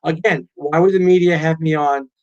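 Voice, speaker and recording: A man's voice: fairly high pitch, normal speed, lo-fi sound. A middle-aged man, a guest author and pilot, telling stories in a casual interview and acting out quotes. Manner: animated storyteller, acts out quotes.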